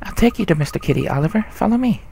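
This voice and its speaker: Odd little spirit girl, a man voicing her, high and coy, repeats herself. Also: expressive, racing, vocal fry, warm tone, a little hiss or hum. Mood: eager.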